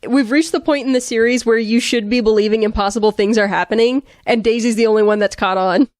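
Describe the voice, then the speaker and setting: A woman co-hosting a fan podcast, chatting casually with dry, deadpan sarcasm. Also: fairly high pitch, quick pace, no room sound. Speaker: podcast co-host. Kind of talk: casual chat, TV episode discussion.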